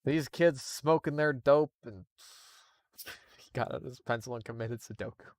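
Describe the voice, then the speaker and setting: A man reads a horror story aloud on a casual live stream, swearing freely and drifting into laughing asides. His pitch sits in the middle of the range for a man. The mic is close and dry, with no room sound. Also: a little slow, no room sound. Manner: profane, laughing, digressive asides.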